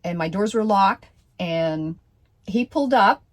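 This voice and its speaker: A woman's voice: medium pitch, expressive. A woman casually telling a personal story, hesitant, with many fillers and restarts. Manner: slow, deliberate delivery.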